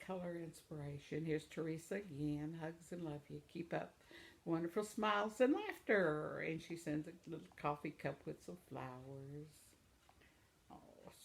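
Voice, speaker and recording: Gravelly older woman chatting with viewers. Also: fairly low pitch. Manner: warm, rambling, laughs often. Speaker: vlog host. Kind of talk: casual chat reading viewer comments.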